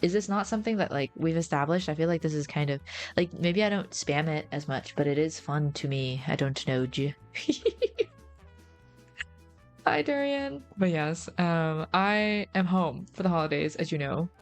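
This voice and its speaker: A woman's voice: sits low, lively intonation, normal speed, faint music behind. A young woman streamer chatting casually to her viewers in a playful, rambling way.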